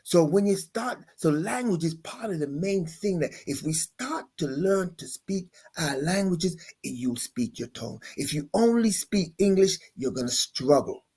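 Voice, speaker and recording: A man, a pastor guest on a panel, explaining in a halting conversational way with many restarts and sung demonstrations. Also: sits high, lively intonation, dark tone, husky.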